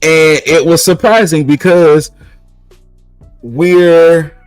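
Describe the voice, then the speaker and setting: A man's voice: a little high, fairly even intonation, extremely slow, clear, resonant tone, dry recording, soft background music, low-quality recording. A man co-hosting a podcast, recapping in casual chat and rambling with repeated restarts. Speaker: podcast co-host recapping wrestling.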